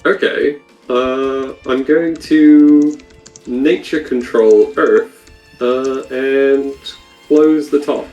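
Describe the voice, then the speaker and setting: A man playing a tabletop game, thinking aloud in an unhurried way. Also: mid-range voice, fairly even intonation, mellow, faint music behind, rough recording. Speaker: player. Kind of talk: casual tabletop play.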